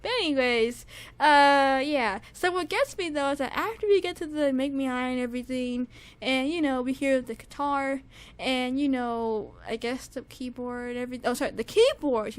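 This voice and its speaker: Gushing high-voiced woman reviewing music. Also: moderate pace. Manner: gushing fangirl enthusiasm, rambling with many fillers and repeats; shrieks high with excitement at times. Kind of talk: casual solo music review.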